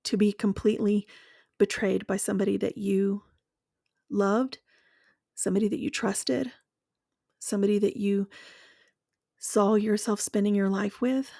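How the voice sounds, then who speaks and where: A woman speaking in a slow, measured, earnest reflective monologue, walking the listener through guided imagery and then sharing her own experience. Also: medium pitch, fairly even intonation, vocal fry, dark tone, dry recording, studio quality.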